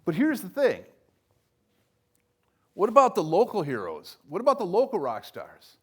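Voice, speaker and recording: An older man speaks to an audience in a motivational style, his voice sitting a bit high for a man. He punches key words loudly, then sinks into quiet, low asides. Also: wildly swooping pitch, moderate pace, husky. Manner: emphatic, swings between loud punches and soft lows. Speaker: speaker at a recovery event. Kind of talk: motivational speech.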